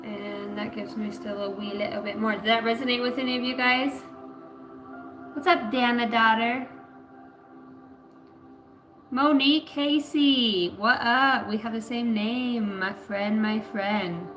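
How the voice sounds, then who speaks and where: A woman's voice: a little high, fairly even intonation, unhurried, fairly bright tone. A woman giving a loose, rambling spiritual reading on a live stream, slangy and full of swearing. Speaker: spiritual reader. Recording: echoey room with music behind.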